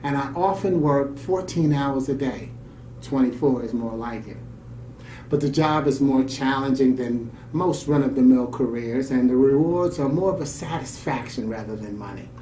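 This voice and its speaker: A radio show's male co-host reads out a story, offering warm, reflective off-the-cuff comments along the way. His mid-range voice moves at a normal pace, picked up by a distant mic in a roomy space with faint ambience and slight hiss or hum.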